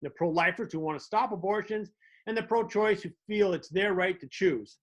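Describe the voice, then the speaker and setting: A man's voice: sits high, moderate pace. A man hosting a comedic monologue, telling wry stories with little mock dialogues. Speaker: host.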